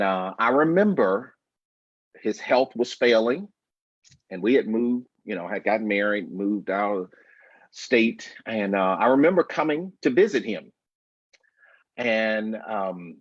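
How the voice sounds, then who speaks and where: A man in his fifties, a guest on a call-in show, recounting his life in a slow, reflective, emphatic way. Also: lowish voice, no room sound, highs cut off. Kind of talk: personal storytelling interview. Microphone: video call.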